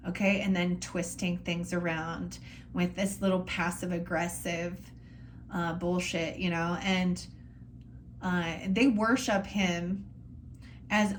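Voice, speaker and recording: A woman's voice: lowish voice, fairly even intonation, slow pace, a little hiss or hum. A middle-aged woman giving a casual tarot reading, blunt and frustrated, rambling and swearing freely. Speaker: tarot reader.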